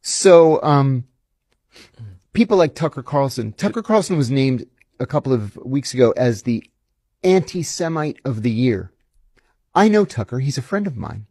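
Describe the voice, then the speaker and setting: Gravelly male ex-intelligence officer, emphatic, indignant interview storyteller, dry close sound. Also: medium pitch, very animated, normal speed, a little mellow, dry recording.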